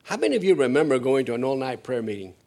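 A man preaching a sermon to his congregation, animated, joking with them and rising to loud, emphatic peaks. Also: mid-range voice, fast talker, vocal fry. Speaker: pastor.

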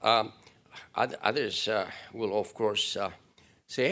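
A man preaching a sermon to his church, swinging between loud emphatic lines and hushed prayerful ones. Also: fairly low pitch, fairly even intonation, takes it slowly, long pauses. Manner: switches into Spanish for an acted aside. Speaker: pastor.

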